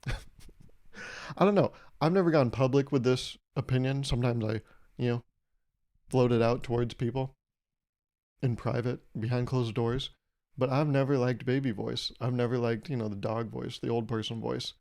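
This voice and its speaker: Irreverent young man, mellow low voice. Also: steady tone, moderate pace. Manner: rambling and irreverent, jumping into loud mock voices for quoted people; profane. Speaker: podcast host. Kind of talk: solo comedic podcast monologue.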